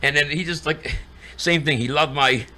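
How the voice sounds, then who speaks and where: A man's voice: on the high side, normal speed, pushed and bright. A middle-aged man, a guest in casual chat, telling rambling stories and acting out what people said. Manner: rambling storyteller acting out quotes.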